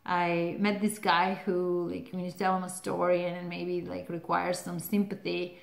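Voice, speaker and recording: A woman's voice: lowish voice, monotone, moderate pace, vocal fry. A woman hosting a relationship advice channel, talking casually to the camera, laughing often and using lots of "like" fillers. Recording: roomy echo.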